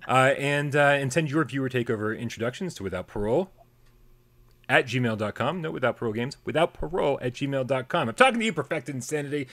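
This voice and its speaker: A man's voice: medium pitch, lively intonation, quick pace. Guy hosting a gaming podcast, casual chat, jokey mock rants. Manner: joking mock rants, shouting playfully. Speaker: podcast host.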